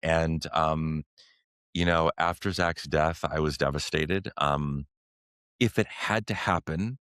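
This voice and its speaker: A middle-aged man, a podcast guest, telling a personal story in an earnest, halting way with many fillers and restarts. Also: very deep voice, steady tone, fairly bright tone, no room sound.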